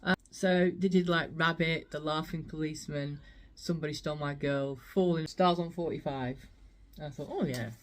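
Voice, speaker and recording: A woman's voice: low voice, steady tone, normal speed, hardly any pauses. A woman vlogging her thrift finds in a chatty, rambling way, laughing often. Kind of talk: casual chat.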